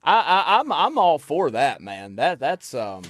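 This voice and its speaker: A man's voice: on the high side, very animated, unhurried, a bit bright, a little hiss or hum. A man with a Southern accent hosting a casual podcast, talking loosely with lots of laughs and folksy fillers. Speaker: podcast host.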